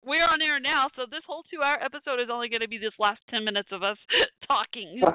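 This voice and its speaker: A woman's voice: on the high side, fairly even intonation, quick pace. A woman hosting a call-in talk show, flustered and laughing in embarrassment. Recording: tinny phone-line sound.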